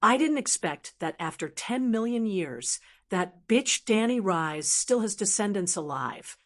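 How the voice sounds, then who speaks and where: A woman reading the lines of an ancient, vengeful male demon god in an audiobook, in a flat, even storybook manner. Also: mid-range voice, measured pace, lightly acted. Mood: gloating.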